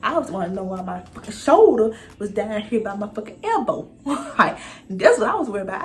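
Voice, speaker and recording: Animated young woman telling a storytime. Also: medium pitch, fairly quick. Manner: animated, profane, addresses viewers directly. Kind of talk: casual storytime monologue.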